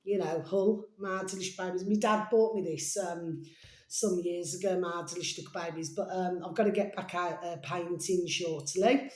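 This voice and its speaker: A slightly hoarse woman rambles in a casual chat to camera, showering her viewers with pet names. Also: on the low side, steady tone, moderate pace, a little mellow. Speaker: video blogger. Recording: roomy echo.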